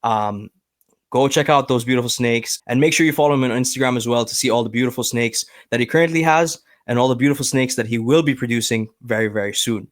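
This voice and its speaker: A man's voice: mid-range voice, quick pace, no room sound. Upbeat male podcast host, dry sound. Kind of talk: casual podcast hosting.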